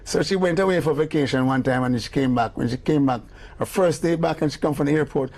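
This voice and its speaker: An older music producer with a Jamaican accent, telling animated anecdotes in an interview and acting out the voices of the people in them. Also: male voice, fairly high pitch, fast talker. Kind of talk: storytelling interview.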